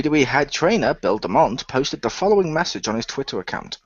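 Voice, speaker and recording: A man co-hosting a casual wrestling chat, talking in a sarcastic, animated way. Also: medium pitch, fairly quick, few pauses, husky, no room sound. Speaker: podcast co-host. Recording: dull dry lo-fi audio.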